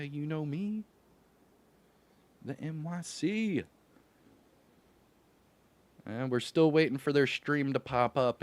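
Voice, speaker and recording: A man from Louisville hosting a gaming livestream, greeting his chat in an upbeat, slangy way and laughing often. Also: medium pitch. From Louisville, Kentucky. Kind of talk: casual livestream chat with viewers.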